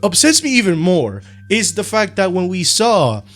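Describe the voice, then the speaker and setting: A man's voice: high voice, huge pitch swings, normal speed, a bit bright. A young man with a Spanish accent giving a casual, rambling opinion monologue, slangy and full of ums and self-corrections. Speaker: anime commentary youtuber.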